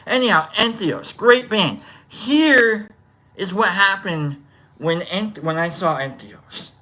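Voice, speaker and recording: Chatty host rambling through a story, voice all over the place, bright punchy tone. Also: medium pitch, takes it slowly. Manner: rambling, animated, acts out scenes with shouts. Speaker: show host. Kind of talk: casual storytelling.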